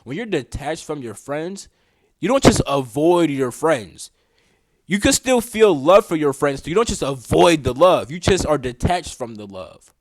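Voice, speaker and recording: A man's voice: on the high side, sing-song, unhurried, no room sound, low-quality recording. A young man giving a casual spiritual talk, slangy and swearing, often asking "you know what I'm saying". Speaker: spiritual teacher.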